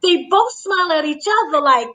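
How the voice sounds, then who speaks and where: A woman's voice: high-pitched, lively intonation, a little fast, sharp tone, rough recording. A woman recapping a wrestling match in a playful, gossipy way, acting out the quotes with gasps and dramatic voices. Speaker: entertainment editor recapping wrestling. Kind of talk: animated recap chat.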